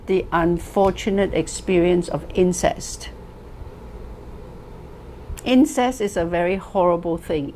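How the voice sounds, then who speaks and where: Slow, low-voiced woman therapist telling a story. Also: darkish tone, a little hiss or hum, low-quality recording. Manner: reflective, earnest, slow and measured with pauses. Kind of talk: storytelling talk.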